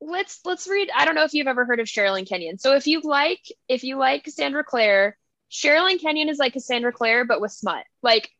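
A young woman with a high, bright voice co-hosts a relaxed podcast conversation. She chats in a lively way, peppering her speech with "like" and acting out little quoted exchanges. The sound is dry and close, with no room around it. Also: fairly quick, no echo, muffled recording. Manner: animated storyteller, acts out family quotes, heavy "like" filler. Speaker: podcast co-host. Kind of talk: casual chat.

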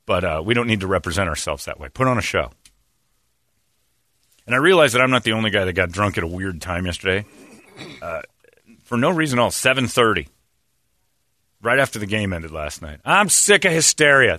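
A man's voice: on the low side, bright, forceful tone, no room sound, studio quality. A man hosting a comedy podcast, ranting in a crude, sarcastic and emphatic way. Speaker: podcast host. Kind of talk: casual comedic rant.

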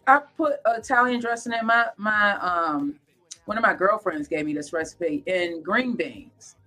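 A woman's voice: medium pitch, animated, normal speed, pushed and bright. A woman hosting a podcast, chatting casually with her guest and calling out to listeners. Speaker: podcast host. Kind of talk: casual interview chat.

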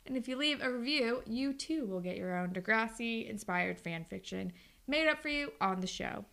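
A young woman co-hosting a podcast with a gravelly, fry-laced voice and a bright, forward tone. She chats casually and giggles often, keeping it loose and informal, with the occasional swear. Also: fairly high pitch, lively intonation, normal speed. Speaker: podcast co-host.

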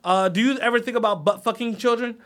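A man's voice: extremely high pitch, fast talker, fairly bright tone. A man voicing a polite, awkward male interviewer who screens would-be parents.

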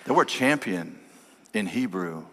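Pastor, male, bright sermon delivery, storytelling, long hall reverb. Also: expressive, a little slow, slight background noise. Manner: storytelling, swings from loud preaching to low quiet lines. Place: large church hall.

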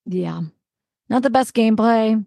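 A woman's voice: fairly high pitch, a little slow, creaky, mellow, dry recording. A woman co-hosting a podcast, talking in a reflective, easygoing way with light laughs. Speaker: podcast co-host. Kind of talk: casual chat.

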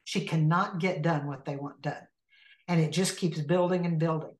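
A woman's voice: low-pitched, normal speed. A woman who leads an inner healing ministry, telling a story as a guest and acting out the people in it. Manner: animated storyteller who acts out the people in her stories. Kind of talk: storytelling in a conversational interview. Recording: roomy echo.

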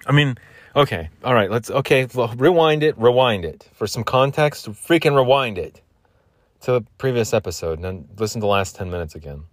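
A man's voice: mid-range voice, animated, brisk, dry recording, studio quality. A young man hosting his own solo podcast, rambling through a grocery story and teasing himself as he goes. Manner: joking, self-teasing, meandering. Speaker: podcast host.

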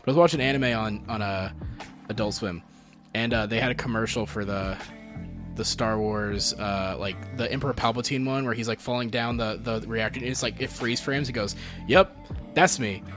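A man's voice: lowish voice, steady tone, brisk, over music. A man co-hosting a casual podcast, talking loosely and swearing freely as he tells stories. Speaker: podcast co-host. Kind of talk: casual chat.

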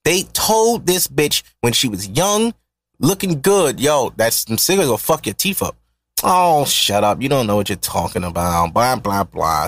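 A man hosting a podcast, ranting in a profane, mocking, animated way. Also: medium pitch, dry recording. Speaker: podcast host. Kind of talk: solo podcast rant.

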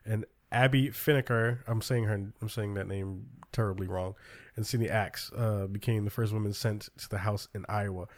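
A man's voice: fairly low pitch, fairly even intonation, moderate pace. A man hosting a casual talk show, running loosely through news with lots of ums and restarts. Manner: loose, filler-heavy rundown of news. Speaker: podcast host. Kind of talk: casual political chat.

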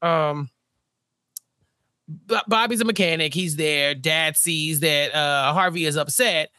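Male co-host, lively recap chatter, high bright voice, jumps into character voices. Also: no echo, studio quality. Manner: animated, acts out characters in quick voices. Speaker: podcast co-host. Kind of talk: casual recap chat.

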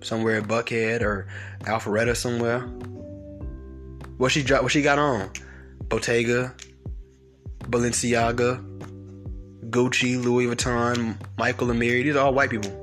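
A man's voice: medium pitch, little pitch movement, normal speed, pauses often, fairly bright tone, soft background music. A man hosting a podcast, delivering a heated, profane, confrontational rant. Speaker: podcast host. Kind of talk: ranting monologue.

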